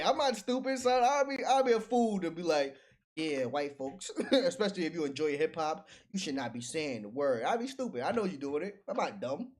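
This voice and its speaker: Animated slangy man on a livestream. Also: sits high. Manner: animated, slangy, laughs often. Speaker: livestream host reacting and reading chat. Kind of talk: casual livestream chat.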